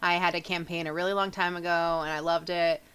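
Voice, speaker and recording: A woman's voice: fairly low pitch, fairly even intonation, fast talker, fairly bright tone, clear, resonant tone. A woman in casual chat, introducing her character for a tabletop game in a giggly, playful way.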